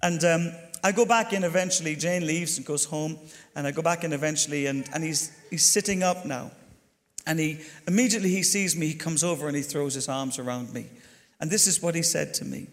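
An Irish man telling a story during his sermon as a pastor, chatty and animated, talking straight to the congregation. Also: on the high side, a little fast. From Ireland. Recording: long hall reverb.

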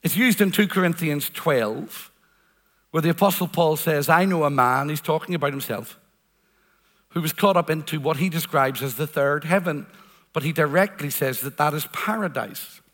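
A man's voice: a little high, moderate pace, a bit bright. A man preaching a sermon, earnest and emphatic, repeating phrases for weight. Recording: long hall reverb.

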